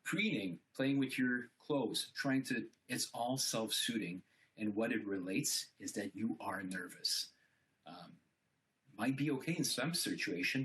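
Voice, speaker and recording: A man's voice: on the low side, a bit bright. A man giving an informal talk on speaking and body language, explaining points with frequent fillers. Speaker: conference speaker. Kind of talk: informal presentation.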